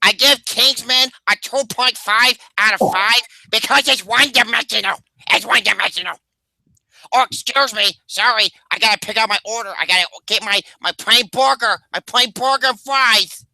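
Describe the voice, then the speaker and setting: A man's voice: extremely high pitch, moderate pace, vocal fry, bright, forceful tone, dry recording, voice pushed up, heavily acted. A man voicing a goofy, stammering character who calls himself Mister Casual and talks crudely. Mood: dopey.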